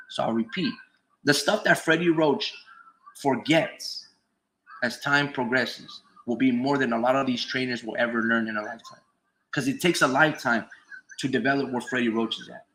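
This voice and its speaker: Bright-voiced man ranting about boxing. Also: mid-range voice, low-quality recording. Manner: emphatic, repetitive, swears freely. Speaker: boxing commentator streamer. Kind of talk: casual profane opinion monologue.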